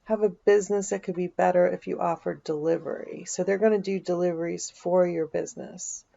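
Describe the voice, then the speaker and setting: A woman's voice: fairly low pitch, fairly even intonation, fairly quick, creaky, dark tone, muffled recording. A woman vlogger, chatting casually as she walks through a search on her screen, thinking aloud with dry asides. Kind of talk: casual screen-share walkthrough.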